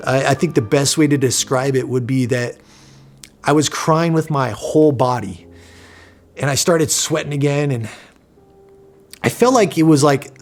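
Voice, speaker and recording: A man in his thirties telling a personal story in an earnest, emotional way, with many fillers and restarts. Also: mid-range voice. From Southern California. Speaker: vlogger, inventor.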